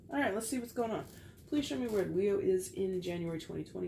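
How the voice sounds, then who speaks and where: A woman's voice: medium pitch, expressive, normal speed, vocal fry, mellow, slight background noise. A woman giving a casual tarot reading to camera, chatty and playful with frequent laughter, while getting over a cold. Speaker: tarot reader.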